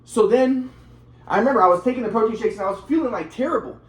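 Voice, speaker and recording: Young man, casual monologue, halting, frequent restarts and repeated words. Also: sits high, husky.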